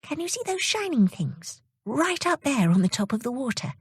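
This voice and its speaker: Woman voicing a gentle sea fairy girl. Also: high-pitched, sing-song, normal speed, husky, dry recording, clean studio sound, voice pushed up, heavily acted.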